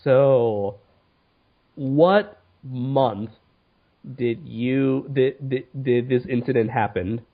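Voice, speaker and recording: A young man co-hosting a podcast on a headset, talking in a halting way and stopping to ask questions. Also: medium pitch. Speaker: podcast co-host. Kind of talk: casual chat. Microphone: headset on a voice call. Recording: muffled lo-fi call audio.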